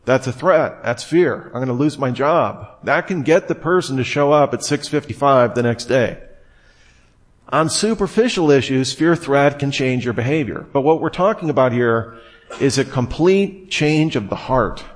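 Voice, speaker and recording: Man, Bible teacher, measured explanatory delivery, mid pitch. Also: expressive. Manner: measured, explanatory, reads scripture aloud.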